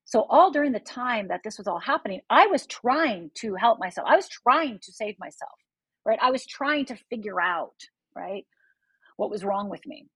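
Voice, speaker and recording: A middle-aged woman with a husky, breathy voice that sits at an ordinary pitch for her. She tells her own story as a podcast guest, earnestly and vividly, and addresses the listener directly. The sound is dry and close. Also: expressive, moderate pace, a bit bright, dry recording, poor audio. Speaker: life coach guest. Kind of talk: personal storytelling in a podcast interview.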